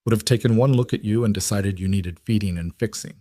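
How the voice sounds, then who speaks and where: A man voicing a kind, widowed single father who speaks calmly with a mild teasing edge. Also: lowish voice, fairly quick, no echo, studio quality, close to an everyday voice. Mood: reflective. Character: kind widowed single dad, wry and steady.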